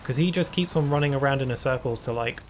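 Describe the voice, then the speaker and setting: A man's voice: mid-range voice, quick pace, a little hiss or hum. A man chatting casually while live-streaming a game, rambling on with many fillers at a desk microphone.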